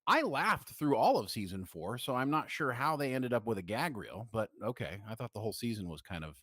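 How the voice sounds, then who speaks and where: A man co-hosting a live podcast in casual chat, tired, with a rough morning voice and a quiet desk mic. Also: medium pitch, brisk, no echo, studio quality. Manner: tired, self-deprecating, animated. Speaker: podcast co-host. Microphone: desk microphone, quiet in the mix.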